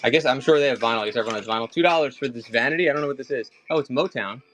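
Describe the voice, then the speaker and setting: A man's voice: medium pitch, rapid-fire, a bit bright, slight background noise, poor audio. A man chatting casually with viewers during a live auction stream, rambling and addressing them by name.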